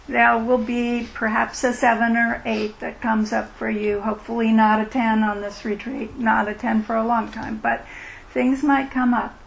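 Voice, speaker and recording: A middle-aged woman leading a meditation retreat, speaking in a gentle, unhurried, reflective way as she answers questions. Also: on the high side, creaky, poor audio. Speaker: meditation teacher. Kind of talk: dharma talk with Q&A. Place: retreat meeting room.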